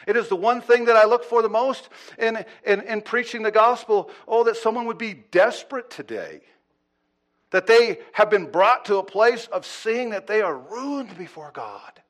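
A man preaching a sermon. His delivery swings between loud, urgent pleading and low, hushed asides, and he often repeats words as he restarts a thought. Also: expressive, moderate pace. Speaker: pastor.

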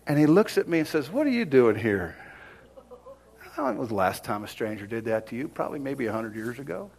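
A middle-aged man preaching a sermon, telling a personal story and swinging from whispers to loud exclaims. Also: mid-range voice, very animated, brisk, gravelly.

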